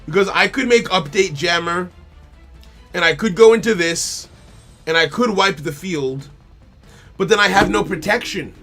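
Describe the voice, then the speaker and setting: A man's voice: high-pitched, normal speed, long pauses, bright, forceful tone. A man streaming a card game, thinking aloud in casual commentary, repeating phrases to himself and talking to his opponent and chat. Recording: faint music behind the voice.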